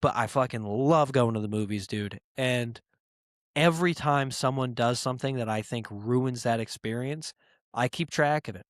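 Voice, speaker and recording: A man's voice: mid-range voice, normal speed, dry recording, studio quality. A man hosting his own podcast, ranting comically and profanely about a rude moviegoer, mocking people in quoted voices. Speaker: podcast host. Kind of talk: solo comedic rant.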